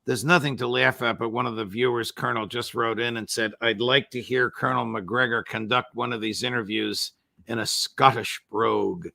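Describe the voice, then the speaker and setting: A man hosts an interview, his voice bright and edged with a gravelly rasp. He asks his questions courteously and at a measured pace. The sound is close and dry, with no room around it. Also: medium pitch, steady tone, no echo. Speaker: show host. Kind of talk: remote interview.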